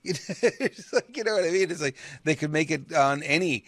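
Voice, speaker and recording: Man, dry close recording, casual talk, quick to agree. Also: fairly high pitch, animated, fairly bright tone, dry recording. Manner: affirms a lot, laughs at his own jokes, acts out dialogue when reading. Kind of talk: political talk show chat.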